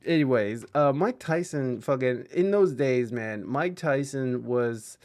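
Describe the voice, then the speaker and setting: A man's voice: medium pitch, expressive, measured pace, darkish tone. A man hosting a podcast in loose casual chat, laughing often and swearing freely. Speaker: podcast host.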